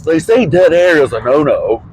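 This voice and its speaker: A man's voice: fairly high pitch, animated, moderate pace, darkish tone, slight background noise, low-quality recording. A man vlogging casually, rambling through personal stories with frequent swearing and laughter. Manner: rambling, profane, laughs often. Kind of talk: casual storytelling.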